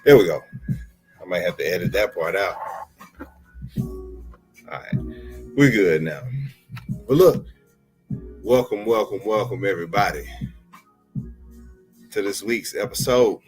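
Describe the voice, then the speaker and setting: A man's voice: low voice, expressive, unhurried, pauses often, soft background music. Playful slangy man hosting a podcast. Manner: loose, playful, slangy storytelling. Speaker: podcast host. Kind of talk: casual solo podcast monologue.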